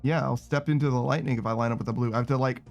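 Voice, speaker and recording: A man streaming a video game talks in a loose, casual way, cursing freely and reading viewer messages aloud. He keeps tacking a playful meow onto his phrases. Faint music plays quietly under his voice. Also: steady tone, very fast, creaky. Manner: swearing, saying meow after phrases, reading chat aloud; frustrated outbursts in a raised, higher voice. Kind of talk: casual gaming stream commentary.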